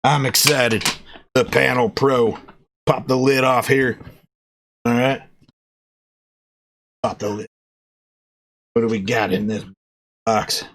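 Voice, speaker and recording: A man talks his way through an unboxing in a loose, casual vlog. He jokes in a playful cowboy persona, and his voice sits in a middle range before leaping up when he gets excited. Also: mid-range voice, slow, pauses often. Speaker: product reviewer.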